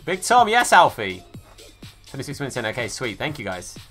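A man's voice: mid-range voice, wildly swooping pitch, fairly quick, bright, forceful tone, soft background music. A man streaming a football video game, chatting casually with viewers and greeting them by name. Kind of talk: live gaming stream chat.

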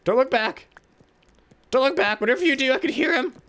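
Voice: high-pitched, brisk. A let's-play gamer giving casual gameplay commentary, playfully talking to a pet pig, humming along and squealing with alarm. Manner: excitable, squeals and gasps in alarm.

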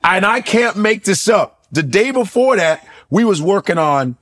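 Animated man telling a profane story. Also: sits high, unhurried. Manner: acts out the people in his stories, profane and punchy. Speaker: comedian guest.

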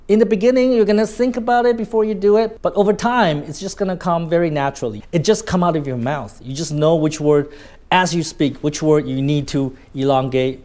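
Animated coach with a Vietnamese accent. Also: male voice, a little high. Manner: animated, stretches key words, frequent "right?" tags. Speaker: communication coach. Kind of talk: spoken lesson on voice tonality.

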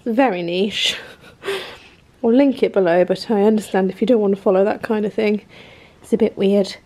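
A woman in her thirties talks casually to camera at home. She rambles through her plans with plenty of fillers and self-deprecating asides. Her voice sits at an ordinary middle pitch. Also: moderate pace, warm tone. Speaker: vlogger. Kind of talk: casual vlog chat.

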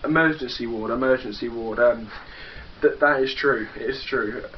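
A man's voice: mid-range voice, normal speed. Cocky young English guy trash-talking. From England. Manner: boastful, taunting, profane. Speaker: backyard wrestler cutting a promo. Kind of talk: trash-talking wrestling promo. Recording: dull lo-fi home video with faint noise.

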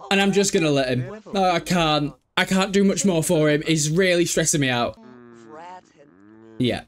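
A man's voice: fairly high pitch, normal speed, soft background music. A man giving casual, chatty commentary over a life-sim game, exasperated with his characters, swearing and laughing at them. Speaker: gameplay commentator.

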